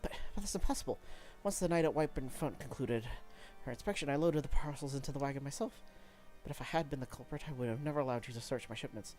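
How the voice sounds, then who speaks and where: A man's voice: medium pitch, fast talker, a little mellow, soft background music, close to an everyday voice. A man voicing a defensive, offended porter while reading game dialogue aloud. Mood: indignant. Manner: huffy, offended.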